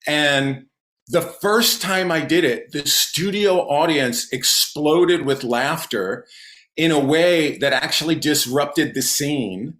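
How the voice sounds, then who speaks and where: Animated male comedian in an echoey room. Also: a little high, takes it slowly. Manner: animated storyteller with a loud laugh. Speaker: comedian magician guest. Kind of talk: casual podcast interview storytelling. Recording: roomy echo.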